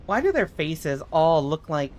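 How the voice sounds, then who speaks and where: A young adult woman streaming a game, chatting casually with her chat and swearing in expressive outbursts. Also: sits low, measured pace, a little hiss or hum.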